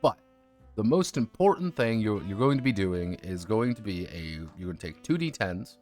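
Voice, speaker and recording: A man's voice: fairly low pitch, sing-song, normal speed, a little mellow, soft background music. A man streaming a casual review of a tabletop game, rambling and swearing freely. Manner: rambling, profane, many fillers and restarts. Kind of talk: casual chat.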